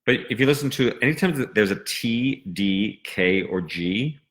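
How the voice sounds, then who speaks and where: A man teaching a singing lesson, explaining diction and stressing crisp consonants. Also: on the low side, animated, moderate pace, a bit bright.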